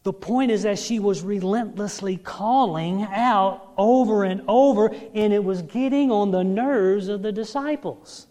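A man's voice: sits high, measured pace, dark tone. A man preaching a sermon, dramatic, acting out the scripture quotes and calling on the congregation for an amen. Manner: dramatic, acts out quotes, asks congregation for amens. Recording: long reverb of a large hall.

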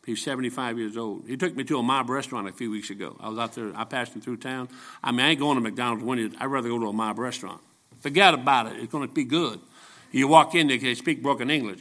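An older man preaching a folksy, joking sermon full of stories, rising into shouted peaks. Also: medium pitch, fast.

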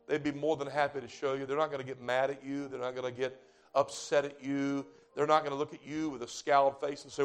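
A man preaching at a revival service, giving an earnest, pleading invitation that swings between loud and hushed. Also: on the high side, creaky. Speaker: evangelist preacher. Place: church sanctuary.

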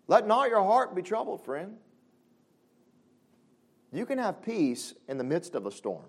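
A man preaching a sermon. He talks conversationally with frequent asides and swings between loud exclamations and soft, low passages. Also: very animated, unhurried, pauses often, husky. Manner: conversational, with frequent "you know what I'm saying" asides. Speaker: pastor.

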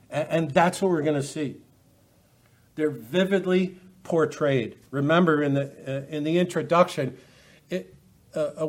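A man's voice: on the high side, darkish tone. A man teaching a Bible study lecture, earnest and emphatic, often restarting his phrases.

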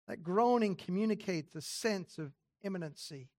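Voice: medium pitch, measured pace. A preacher giving an expository sermon, reading scripture aloud and then explaining it in casual spoken phrasing with rhetorical questions. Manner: casual spoken phrasing with occasional throat clearing.

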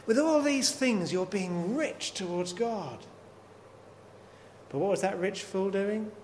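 A man's voice: high voice, animated, slow pace, darkish tone. A man preaching a sermon, working through scripture with repeated rhetorical questions. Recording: long hall reverb, faint noise.

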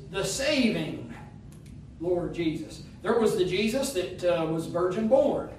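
Man, preacher, sermon, high voice, emphatic half-sung delivery, heavy echo, faint hiss. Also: darkish tone. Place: church sanctuary. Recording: distant mic in an echoey room.

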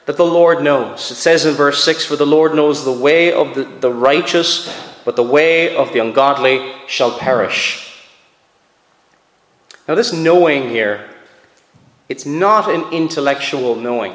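A man preaching a sermon as pastor, earnest and emphatic, repeating phrases for weight. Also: a little high. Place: church sanctuary. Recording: echoey hall with long reverb.

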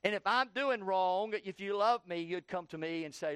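Male pastor, high voice, fervent sermon delivery, dry close recording. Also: normal speed, a bit bright, clear, resonant tone, no echo. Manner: preaching with rising, heated questioning. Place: church.

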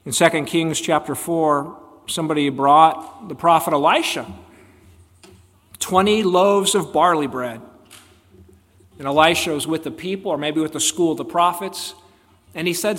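A man's voice: fairly high pitch, unhurried, fairly bright tone. A man preaching a sermon as a pastor, emphatic and fond of rhetorical questions put to his congregation. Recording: long hall reverb.

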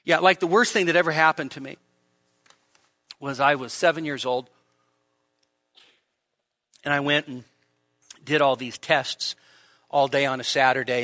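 A male pastor preaching a sermon in a church, animated, with humor and rhetorical questions. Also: medium pitch, dry recording.

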